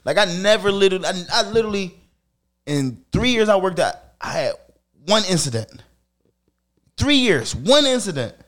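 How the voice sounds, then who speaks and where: A man telling stories in casual chat, profane and animated. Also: sits high, a little fast. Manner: animated, profane street slang, acts out quotes.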